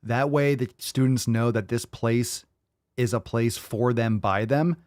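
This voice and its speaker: A man's voice: medium pitch, unhurried, darkish tone, no echo, clean studio sound. A man hosting a show, reacting to video clips with blunt, profane, mocking commentary.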